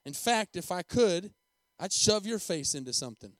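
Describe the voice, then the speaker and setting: A man's voice: a little high, normal speed, a bit bright, dry recording, natural voice. A man putting on a cocky schoolboy, brash and challenging, talking back in a slightly raised voice. The sound is dry and close, with no room around it. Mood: menacing. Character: defiant tough-talking schoolboy.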